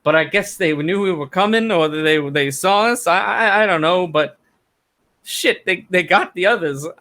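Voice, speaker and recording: A man's voice: high-pitched, normal speed, sharp tone, pitched above the performer's own voice. A man voicing a frightened, shaken male survivor who stammers and repeats words, trembling near tears.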